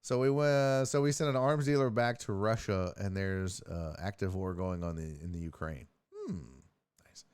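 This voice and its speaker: A man's voice: low-pitched, normal speed, a little mellow, clear, resonant tone, no echo. A man hosting a casual streamed sports talk show, joking profanely and reacting to chat messages. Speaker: host.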